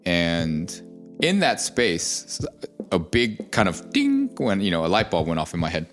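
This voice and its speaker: A man's voice: sits low, wildly swooping pitch, a little slow, a bit bright, soft background music. A middle-aged man, a pastor, talking casually on a podcast about his family, reflective and full of small fillers. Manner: reflective storytelling with many fillers.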